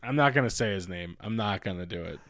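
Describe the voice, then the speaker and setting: A man's voice: deep voice, fast talker, fairly bright tone. A young man co-hosting a casual podcast, rambling through crude jokes and laughing often. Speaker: podcast co-host.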